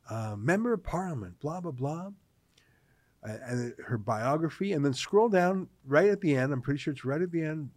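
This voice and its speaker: A man from Canada hosting political commentary, talking in an animated, sarcastic way. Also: on the high side, normal speed, dry recording, clean studio sound. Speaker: host.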